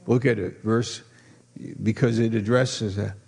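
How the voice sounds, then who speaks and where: A man's voice: lowish voice, steady tone, creaky, a little mellow, breathy edge. A man preaching a sermon as pastor, stretching key words and quizzing his listeners playfully. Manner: drawn-out emphasis on key words.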